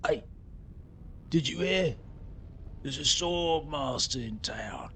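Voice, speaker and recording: A man's voice: a little high, animated, slow, vocal fry, fairly bright tone, a little hiss or hum, exaggerated voice. A man putting on a jokey mock accent. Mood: joking.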